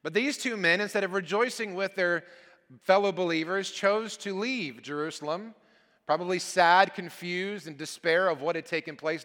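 Bright-voiced man preaching in a reverberant church. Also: high voice. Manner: earnest, emphatic preaching with falling phrase endings. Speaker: guest preacher. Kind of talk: sermon with scripture reading. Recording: long church hall reverb.

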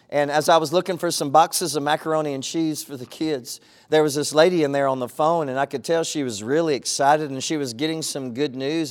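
Earnest man preaching, slightly high voice. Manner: earnest, emphatic preaching with repeated phrases. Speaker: pastor. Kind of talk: sermon.

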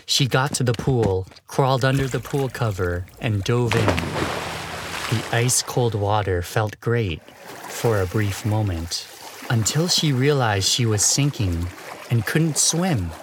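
A man narrating a short horror story with measured delivery and dramatic pauses. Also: on the low side, noisy background.

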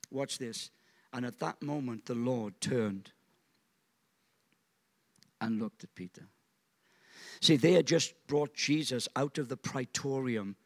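A man preaching a sermon in a church, acting out quotes dramatically and throwing in jokey asides. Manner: dramatic, acts out quotes with big pitch swings. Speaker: pastor.

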